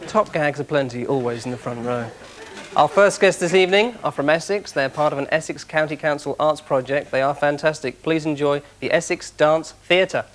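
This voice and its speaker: A man doing a stand-up routine as the show's host. His patter is chatty, full of asides to the crowd, and his voice sits a touch high. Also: brisk, a bit bright, a little hiss or hum. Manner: chatty, quips, asides to audience. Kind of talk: stand-up routine to a live audience.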